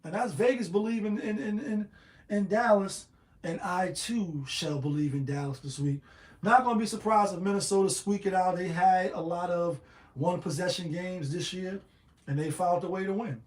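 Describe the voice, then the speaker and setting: A man hosting a casual solo show on betting picks, slangy and animated, firing off rhetorical questions. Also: high voice, moderate pace, echoey room. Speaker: sports betting show host.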